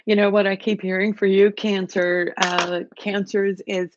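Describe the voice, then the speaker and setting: A woman's voice: mid-range voice, flat delivery, a little slow, few pauses, muffled recording. A woman hosting a live-streamed psychic tarot reading, chatty and emphatic and repeating her key words.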